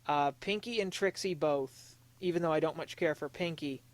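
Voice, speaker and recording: A young man on a casual podcast, talking in an earnest, confessional way, halting and restarting often. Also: on the high side, no room sound. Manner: emotionally open, confessional. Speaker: podcast co-host.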